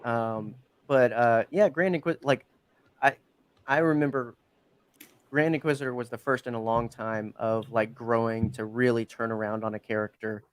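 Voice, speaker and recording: A man's voice: medium pitch, fairly even intonation, moderate pace, clean tone, no echo. A man hosting a podcast, chatting casually and enthusiastically, rambling with lots of fillers. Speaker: podcast host. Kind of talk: casual chat.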